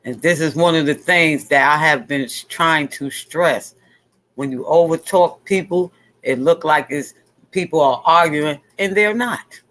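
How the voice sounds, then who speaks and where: A woman's voice: sits low, a little slow, a bit bright. A woman hosting a casual chat, speaking bluntly and repeating her points for emphasis. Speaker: host.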